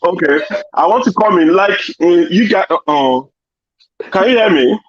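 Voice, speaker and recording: A man's voice: high voice, expressive, normal speed, no room sound, muffled recording. A man from Nigeria with a Nigerian accent, telling stories on a casual online panel call over video, full of "you know" fillers. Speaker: panel guest.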